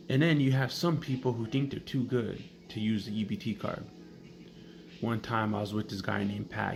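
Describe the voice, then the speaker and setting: A man's voice: on the low side, creaky. A man casually telling comedic stories in a blunt, profane way. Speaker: storyteller. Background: background music.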